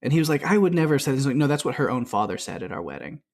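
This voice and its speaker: A man's voice: mid-range voice, sing-song, very fast, a little mellow. A man co-hosting a podcast, chatting loosely about a film and retelling its scenes with lots of quoted dialogue and fillers. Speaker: podcast co-host. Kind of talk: casual film discussion.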